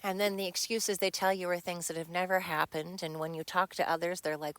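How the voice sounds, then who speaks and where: A woman's voice: fairly low pitch, flat delivery, a little fast, hardly any pauses, fairly bright tone. A middle-aged woman hosting a podcast from home, talking bluntly and with frustration in a personal monologue, swearing freely. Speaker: podcast host. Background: dog nearby.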